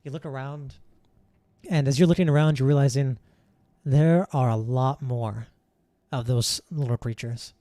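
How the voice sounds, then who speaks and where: A man's voice: medium pitch, normal speed, mellow, no room sound. Casting note: male game master, loose rambling narration, dry close mic. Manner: rambling, hesitant, with many fillers.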